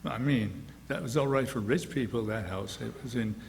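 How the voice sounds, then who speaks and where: At a book release gathering, an older male author tells stories in a rambling, chuckling way, full of restarts. His gravelly voice is medium in pitch and moderate in pace, and the echoey hall carries faint noise.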